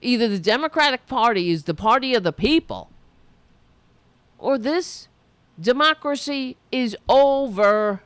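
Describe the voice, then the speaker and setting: A woman's voice: on the high side, animated, measured pace, dry recording. A woman hosting a political commentary show, delivering a profane, sarcastic, heated rant.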